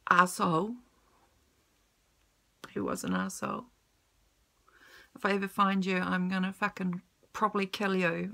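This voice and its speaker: Slow, bright-voiced woman telling a story. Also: medium pitch, vocal fry. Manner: emotional, blunt, swears freely. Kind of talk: personal storytelling vlog.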